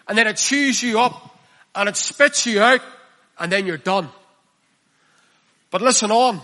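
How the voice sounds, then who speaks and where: A man preaching a sermon, reading scripture aloud and expounding it with passion, his voice dropping hushed and then rising loud. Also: high-pitched, moderate pace. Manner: impassioned, swinging from hushed to loud.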